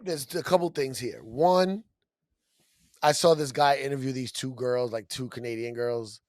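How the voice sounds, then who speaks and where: A man from New York with a New York accent, co-hosting a podcast and telling stories in an animated way. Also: mid-range voice, normal speed, dry recording. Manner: animated storytelling, acts out quotes. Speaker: podcast co-host. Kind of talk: casual chat. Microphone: studio podcast mic.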